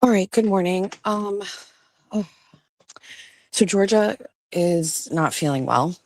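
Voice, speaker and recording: A woman talking casually in a morning vlog, softly coaxing her pets along. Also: medium pitch, lively intonation, slow, dry recording. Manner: soft, coaxing talk to pets. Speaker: vlogger.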